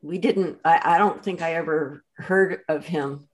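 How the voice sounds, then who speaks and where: Older woman guest, low pitch, slow hesitant delivery. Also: fairly even intonation.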